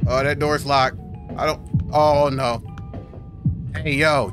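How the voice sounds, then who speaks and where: Taking it slowly in a fairly high, steady voice, a young gaming YouTuber swears and reacts with jumpy slang during horror let's play commentary. Game music plays behind his voice.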